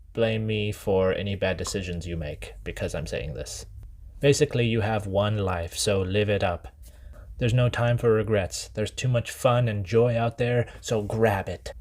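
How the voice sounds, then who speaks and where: A man's voice: on the low side, a little mellow. A man in his twenties delivering a comic monologue as a vlogger, playful, jokey and mock-serious.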